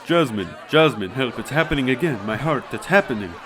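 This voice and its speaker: A man voicing a frantic, dramatic young man in a panic, loud and half laughing. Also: mid-range voice, animated, brisk, background noise, close to an everyday voice. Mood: panicked.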